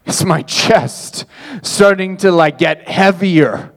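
A man's voice: high-pitched, slow. A man preaching a conversational sermon, repeating phrases and acting out gasps as he tells a story. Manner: conversational, repetitive, animated storytelling with acted gasps. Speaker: pastor.

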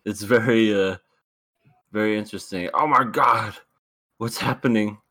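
A man's voice: fairly low pitch, normal speed, pushed and bright, no echo. A man co-hosting a podcast in casual chat, hesitant with fillers and laughing often. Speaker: podcast co-host.

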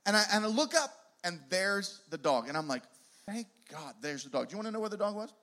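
Middle-aged male speaker, high-pitched, animated storyteller with lots of restarts, self-deprecating humor, preaching to a crowd. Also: quick pace. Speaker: youth ministry speaker. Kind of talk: storytelling sermon to a live audience.

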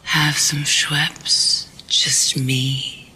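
Woman playing a sultry advert seductress, bright whispery tone, barely conscious drawl. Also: low-pitched, little pitch movement, very slow, full character voice, low-quality recording. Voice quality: breathy, drowsy. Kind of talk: breathy whispered advert read. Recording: played advert clip.

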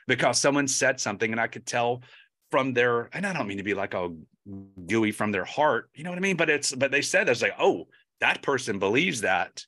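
Male interview host, bright forward voice, rambles and restarts as he thinks aloud. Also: medium pitch, expressive, brisk. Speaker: podcast host. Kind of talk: casual interview chat.

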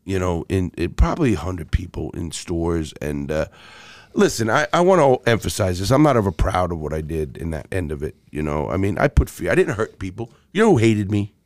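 A man's voice: deep voice, big pitch swings, a little fast, darkish tone, no echo. A middle-aged man telling stories as a podcast guest, blunt and profane, with many restarts. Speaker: podcast guest, former jewel thief. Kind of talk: casual storytelling interview.

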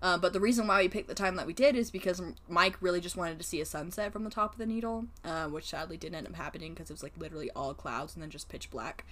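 Low-pitched young woman, casual podcast co-host, laughs often and swears freely. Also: quick pace, hardly any pauses, fairly bright tone. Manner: laughing, swearing, chatty storyteller. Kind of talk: casual chat.

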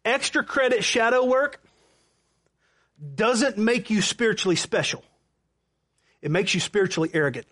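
A man's voice: high voice, normal speed, pauses often, a bit bright. A man preaching a sermon, telling a personal story with quoted back-and-forth dialogue. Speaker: pastor.

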